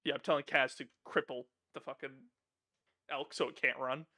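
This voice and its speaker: A man's voice: medium pitch, steady tone, moderate pace, sharp tone. A man playing in a tabletop role-playing game, casually narrating what his character does and swearing freely. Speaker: player.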